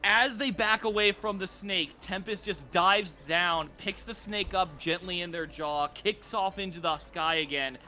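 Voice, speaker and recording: High bright-voiced guy running a tabletop game as dm, excitable, swears a lot, voice chat. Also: unhurried, few pauses. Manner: excitable, swears, acts out guards' shouts. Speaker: dungeon master.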